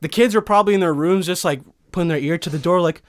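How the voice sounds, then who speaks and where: A young man hosting a podcast from a studio, telling a profane, animated comic rant full of swearing. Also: high voice, fast, few pauses. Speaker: podcast host.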